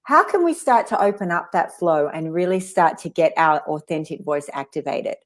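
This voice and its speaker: A woman hosting a casual interview, chatty and quick to laugh, with lots of "like" in her speech. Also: sits low, lively intonation. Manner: chatty, laughs often, says "like" a lot. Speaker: podcast host.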